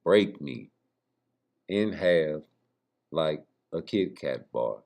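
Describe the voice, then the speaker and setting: Male boxing vlogger, low voice, unhurried, profane and rambling, talks to camera. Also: lively intonation, vocal fry, a little mellow. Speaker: boxing YouTuber. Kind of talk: casual boxing commentary.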